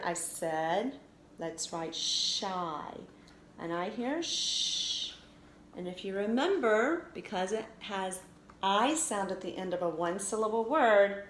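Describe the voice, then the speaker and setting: A woman teacher giving a recorded phonics lesson for children, sounding out letters slowly and clearly. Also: mid-range voice. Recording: echoey room with faint noise.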